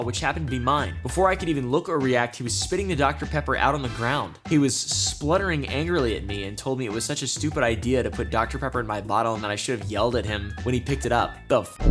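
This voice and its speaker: A young man hosting a comedic reaction video, reading posts aloud and ranting bluntly with lots of swearing and sarcasm. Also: mid-range voice. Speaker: online reaction video host.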